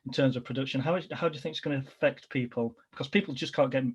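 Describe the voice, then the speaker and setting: A man's voice: medium pitch, racing, slightly rough. A man hosting a podcast interview in a casual, rambling way, often restarting his sentences. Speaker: podcast host. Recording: dull lo-fi recording.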